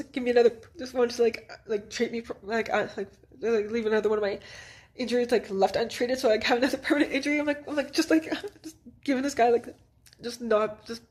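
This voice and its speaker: A Canadian vlogger from northern Manitoba, in her thirties, speaks in a fairly high, somewhat mellow voice. She rambles casually through a personal story, leaning on "like," restarting sentences, and laughing nervously.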